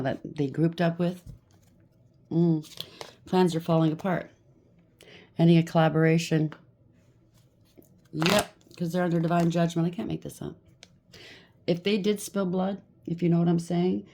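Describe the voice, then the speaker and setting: A woman's voice: low voice, mellow. A woman reading tarot cards in a blunt, scolding manner. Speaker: tarot reader.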